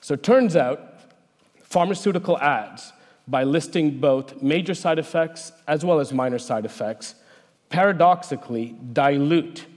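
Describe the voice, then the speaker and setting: A man, a researcher, giving a prepared talk in a measured, explanatory way. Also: on the high side, a little mellow. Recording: long hall reverb.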